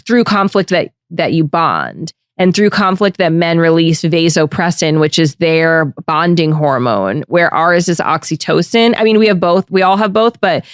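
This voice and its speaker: A woman hosting a candid podcast chat, with a smooth, resonant voice recorded close and dry. She talks frankly and reflectively, working her thoughts out as she goes. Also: on the low side, dry recording. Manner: frank, reflective, thinks aloud. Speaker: podcast host.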